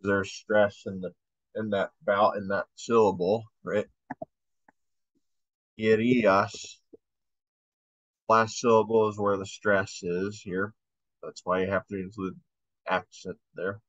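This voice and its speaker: A man with a fairly low, flat voice gives a casual language lesson at home, slowly drilling verb conjugations aloud and correcting himself mid-sentence. The recording is dull, lo-fi and free of echo.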